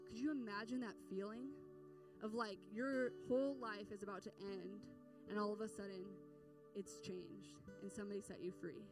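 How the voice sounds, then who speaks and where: A woman's voice: medium pitch, steady tone, moderate pace, recorded from a distance, over music. A woman giving a sermon, paraphrasing a parable in a casual storytelling way with many fillers.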